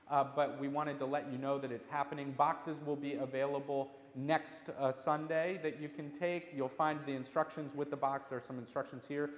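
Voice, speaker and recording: A man giving friendly, inviting church announcements in a sanctuary. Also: mid-range voice. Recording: echoey hall with long reverb.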